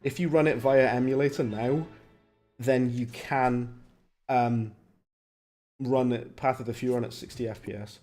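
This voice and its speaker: A man's voice: medium pitch, fairly even intonation, measured pace, pauses often, dark tone. A young man chatting casually on a stream, reading chat and reacting with a rambling, laughing manner. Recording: faint music behind. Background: faint music.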